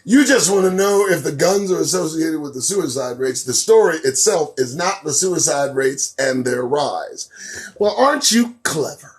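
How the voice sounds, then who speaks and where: A man hosting a live commentary show, riffing sarcastically on news items, laughing often and swinging between loud outbursts and low mutters. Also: normal speed, few pauses. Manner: laughs a lot between remarks.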